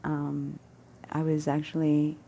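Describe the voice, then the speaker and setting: Low husky woman rambling through a story, keeps correcting herself, dark gravelly tone. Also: completely flat delivery, slow pace. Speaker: storyteller sharing personal stories. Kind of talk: casual personal storytelling.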